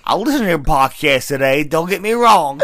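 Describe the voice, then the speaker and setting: A man's voice: on the high side, animated, fairly quick, sharp tone. A young man in casual podcast chat, brash and joking, swearing freely.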